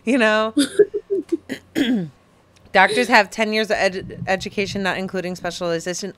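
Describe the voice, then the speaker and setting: A woman co-hosting a podcast, chatting casually and telling stories in a blunt, animated way. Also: mid-range voice, moderate pace, pauses often. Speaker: podcast co-host. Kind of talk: casual chat.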